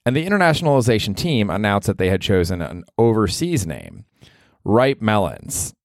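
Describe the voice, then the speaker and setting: A man with a very low, deep voice talks through a solo podcast monologue, wandering off on tangents. He swears casually and pokes fun at himself. The sound is close and dry, with no room around it. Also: very animated, normal speed, no room sound. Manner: rambling, profane, self-deprecating. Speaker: podcast host.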